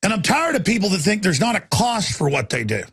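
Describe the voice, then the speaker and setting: A man hosting a talk radio show, delivering an impassioned rant that swings from low muttering to shouting. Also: very animated, a little fast, gravelly, husky.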